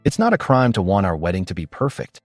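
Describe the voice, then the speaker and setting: A man reading the lines of a resentful, defensive stepmother, curt and sharp-tongued. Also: low-pitched, wildly swooping pitch, fast, dry recording, faint music behind, exaggerated voice.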